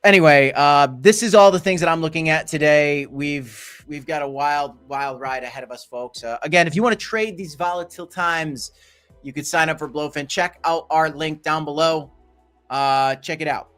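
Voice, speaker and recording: A man hosts a loose crypto livestream and rambles his way through market talk, with lots of fillers and restarts along the way. His voice sits fairly high for a man. Faint music runs underneath. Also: normal speed, fairly bright tone, clear, resonant tone. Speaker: crypto channel host. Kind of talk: casual livestream market commentary.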